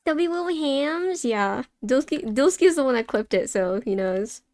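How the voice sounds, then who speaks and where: Young female art streamer, casual and irreverent, slightly high voice, dry close-mic sound. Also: lively intonation, moderate pace, a little mellow, no room sound. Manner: chatty, swears casually, laughs, answers chat. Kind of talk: casual chat while drawing on stream.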